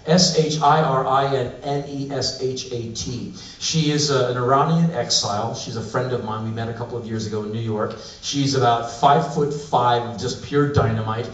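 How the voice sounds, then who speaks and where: A man's voice: mid-range voice, moderate pace, few pauses. A man in his forties tells a comic story on stage in a wry, sardonic voice. He is heard from a distance in a roomy live space. The sound is dull and lo-fi. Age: 40s. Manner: wry, animated, sardonic delivery. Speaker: spoken-word performer.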